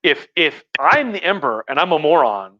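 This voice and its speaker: A tipsy man hosts a livestream and tells history in a rambling, cussing, animated style. His voice is bright and forceful and sits a little high for a man. The sound is dull and lo-fi. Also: moderate pace, no room sound. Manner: rambling, profane, animated storytelling. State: tipsy from wine. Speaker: host. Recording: lo-fi livestream audio.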